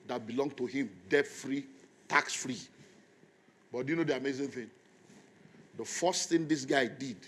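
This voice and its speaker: A middle-aged man with a Nigerian accent preaching, telling an animated story and acting out dialogue. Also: mid-range voice. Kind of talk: storytelling sermon.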